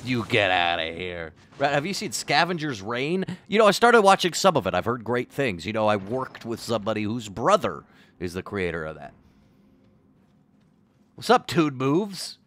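A man's voice: medium pitch, big pitch swings, moderate pace, a bit bright. A man streaming a game, rambling and joking with his chat between moves. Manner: rambling, jokey, chats with viewers. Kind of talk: casual gameplay commentary.

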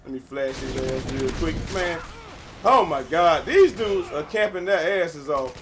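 A young man giving casual, profane gameplay commentary with a friend, excitable and breaking into sudden yells. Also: a little high, a little slow, a little hiss or hum. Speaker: gamer playing with a friend. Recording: game gunfire and explosions loud behind voice.

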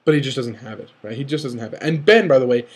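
A young man with a mid-range, breathy voice commentates on a recorded card game, giving play-by-play analysis. He's eager and rambling, often rushing, correcting himself, and starting sentences over.

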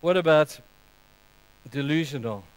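A man preaching a sermon, telling stories in an earnest, animated way. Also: fairly high pitch, unhurried, smooth, dry recording, poor audio. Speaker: pastor.

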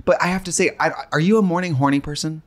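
A man co-hosting a casual comedy chat, camp and bawdy, tossing out quick asides. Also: fairly high pitch. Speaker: co-host.

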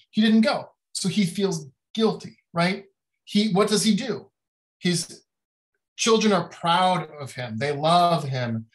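A man's voice: sits high, poor audio. Chatty man giving a casual lecture. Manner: chatty, with many fillers and acted-out quotes. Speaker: visiting lecturer on design history.

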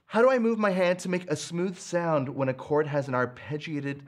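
A Canadian man co-hosting a casual piano live stream, upbeat and quick to laugh while steering to the questions. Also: on the high side, fairly even intonation. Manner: upbeat, laughs easily, keeps the show moving. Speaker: piano teacher and co-host. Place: indoors at a piano.

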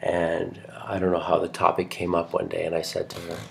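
A man's voice: low-pitched, completely flat delivery, fairly quick, creaky, a little hiss or hum. A middle-aged man from Canada giving a recorded lecture in a chatty, digressive way, full of fillers and restarts.

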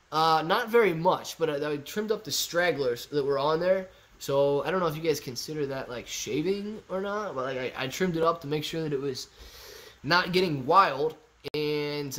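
A young man hosts a casual live stream, reading out viewer comments and bantering with them. His delivery is loose, animated and joking, and his voice sits somewhat high for a man. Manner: animated, loose and joking, reads chat aloud. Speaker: livestream host.

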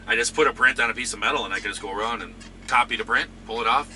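A man's voice: medium pitch, racing, sharp tone, slight background noise. A man hosting a trucking channel, chatting casually and rambling through viewer comments with lots of fillers.

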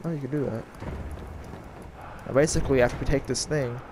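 A man giving casual gameplay commentary, talking fast with jumbled words, frequent stutters and restarts. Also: medium pitch, steady tone, noisy background. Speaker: gaming channel host. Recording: loud gunfire and battle game sounds behind. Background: shooter game audio with gunfire and vehicles.

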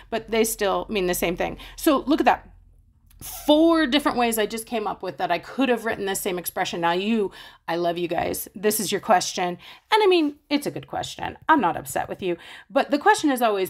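Casting note: woman math teacher, casual and chatty, mid-pitched voice, playful with her students. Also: expressive, normal speed. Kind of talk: casual explaining math lesson.

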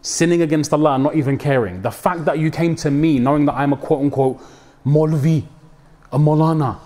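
A man's voice: on the high side, quick pace, a little mellow. A young man giving a mosque talk, casual and slangy, acting out quoted voices as he preaches. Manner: code-switches with slang, dramatic quoted voices.

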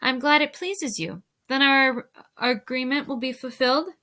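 A wise older master painter speaks with calm, measured authority as a woman reads him aloud. The tone is bright in a storybook reading. He sounds dry and quietly scornful. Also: sits high, voice pushed up.

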